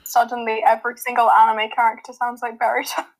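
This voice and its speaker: Playful high-voiced woman gaming. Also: completely flat delivery, low-quality recording. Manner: playful, quick joking. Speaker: player. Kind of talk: casual tabletop game chat.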